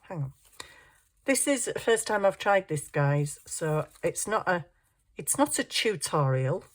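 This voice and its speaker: A woman's voice: fairly low pitch, very animated, unhurried. A woman crafting at her home desk, thinking aloud in a rambling, self-mocking way with frequent chuckles. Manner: chuckles often while working. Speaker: craft journaling vlogger. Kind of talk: casual crafting chat.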